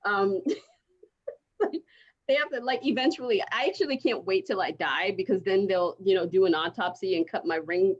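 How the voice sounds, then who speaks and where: A woman's voice: medium pitch, moderate pace. A woman doing a stand-up set over a video call, rambling and laughing through her own jokes. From outside the United States. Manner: rambling, self-mocking, laughs through lines. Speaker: stand-up comic. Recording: dull lo-fi video call audio.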